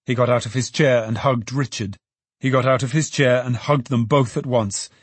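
A man narrating a classic novel in an expressive storytelling manner. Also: medium pitch, moderate pace, breathy edge, dry recording. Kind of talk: audiobook narration.

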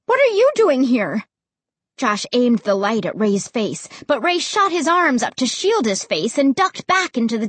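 Woman audiobook narrator, husky tone, lively expressive pitch. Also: no room sound. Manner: expressive storytelling. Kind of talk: first-person audiobook narration.

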